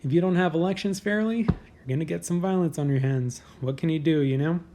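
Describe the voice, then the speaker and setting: A man's voice: on the high side, fairly quick, warm tone. Crude, sarcastic male podcast host. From United States. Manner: casual, crude, sarcastic riffing. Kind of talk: comedic headline commentary.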